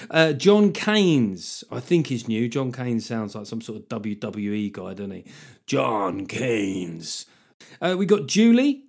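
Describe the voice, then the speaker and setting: A middle-aged man talks through his solo comedy podcast. He is wry and a bit sweary, and he keeps sliding into jokey asides. His voice sits at an ordinary middle pitch for a man. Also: a little mellow. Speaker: podcast host.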